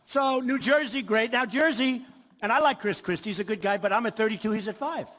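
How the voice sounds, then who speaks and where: A man in his sixties with a high, fairly bright voice speaks fairly quickly as a candidate at a rally. His off-the-cuff campaign speech is boastful and repetitive. He addresses a crowd in a large, reverberant hall with faint ambience.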